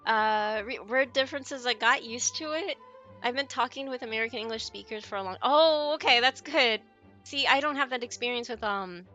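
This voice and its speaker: A woman's voice: high voice, sharp tone. A woman streamer chatting casually with her viewers while she plays a game, giggling often and answering messages from chat.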